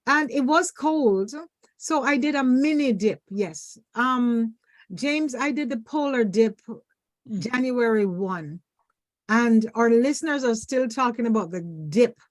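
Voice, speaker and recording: A woman from Ontario co-hosts a talk show with a chatty, easy manner. Her voice sits a little high. The sound is dry and close. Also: lively intonation, slow, dry recording. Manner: chatty, finishes others' sentences. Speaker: radio show co-host. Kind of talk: casual talk show chat.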